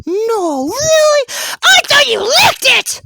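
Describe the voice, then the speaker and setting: A woman voicing a silly, excitable know-nothing in an improvised comedy sketch, with a shrill, squeaky voice that yells mock-surprised guesses. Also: normal speed, gravelly, dry recording, full character voice. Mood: mock surprise.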